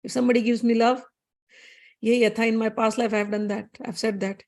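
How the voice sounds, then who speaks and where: A woman voicing a serene, enlightened male sage, speaking calmly and quietly. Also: a little high, fairly quick, natural voice.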